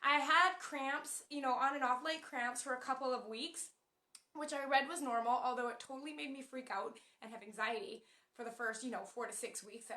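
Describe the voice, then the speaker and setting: A young woman chatting to camera in a casual vlog, telling stories with animated, emotional energy and acting out quotes. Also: high voice, brisk, reverberant. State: pregnant. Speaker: vlogger.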